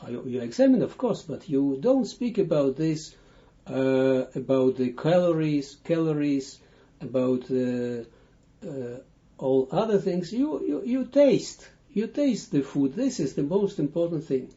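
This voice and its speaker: Guy teaching, slow and halting, really dark mellow voice, dull lo-fi audio. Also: a little high, lively intonation. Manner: halting, searching for words with many restarts. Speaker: Kabbalah teacher. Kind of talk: unscripted audio lesson.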